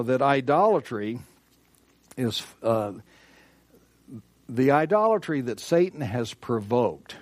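Male preacher, fairly high pitch, emphatic sermon delivery with rhetorical questions, dry recording. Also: darkish tone, dry recording. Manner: emphatic, repeats key phrases, asks rhetorical questions. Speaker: pastor.

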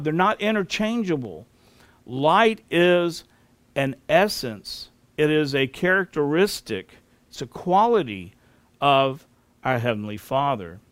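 A man teaching a Bible lesson as a sermon, explaining grammar step by step in a slow, deliberate way and spelling out terms. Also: on the high side, a bit bright, no room sound.

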